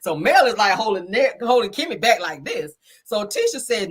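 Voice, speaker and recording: A woman's voice: mid-range voice, very animated, normal speed, breathy edge. A woman giving a sassy, chatty casual recap of a reality show, calling her listeners honey and child.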